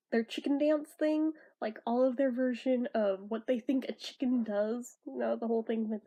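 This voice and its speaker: A woman's voice: a little high, dark tone. A young woman vlogging in casual chat, rambling, laughing often and swearing casually.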